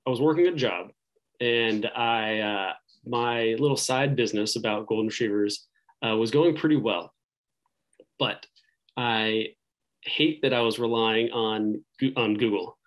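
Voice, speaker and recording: A man talking as a podcast guest in casual interview chat, rambling and thinking aloud, filling pauses with "like" and "um" and restarting his sentences. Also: medium pitch, poor audio. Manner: rambling, heavy use of "like" and "um".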